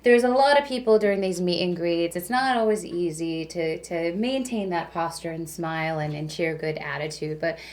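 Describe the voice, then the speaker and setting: A woman's voice: on the low side, moderate pace, hardly any pauses, darkish tone. A woman who works as a radio DJ, a guest telling stories in a chatty way, full of fillers. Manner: chatty, full of "like" and "you know". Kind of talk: casual storytelling.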